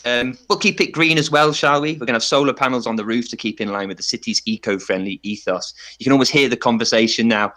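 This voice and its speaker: A man on a podcast giving a playful, tongue-in-cheek pitch and laughing often. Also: bright, forceful tone. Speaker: podcast panelist. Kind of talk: mock campaign pitch.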